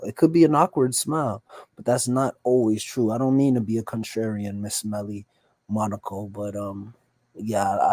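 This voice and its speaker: A man's voice: lowish voice, darkish tone, no room sound. A man from the United States streaming live from home, reacting to videos with blunt, joking slang commentary. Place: home at night, son asleep nearby.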